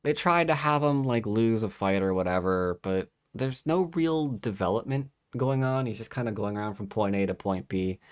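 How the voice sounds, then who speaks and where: A man giving a casual, sarcastic book review, exasperated and mocking the story in quick put-on voices. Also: on the low side, expressive.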